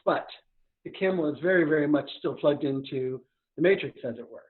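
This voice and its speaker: A man coaching a guest in a live podcast conversation, talking very fast and with high energy. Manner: fast, energetic, talks a million miles an hour. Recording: tinny phone-like remote line.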